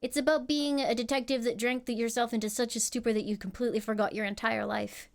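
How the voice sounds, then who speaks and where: High-voiced woman streaming a game. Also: steady tone, fast talker, gravelly. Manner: playful, reads game lines aloud. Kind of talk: live game playthrough.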